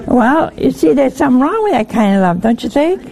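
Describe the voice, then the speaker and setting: A woman's voice: sits high, sing-song, brisk, gravelly, warm tone. An older woman giving a folksy sermon, often putting rhetorical questions to her listeners. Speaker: religious teacher.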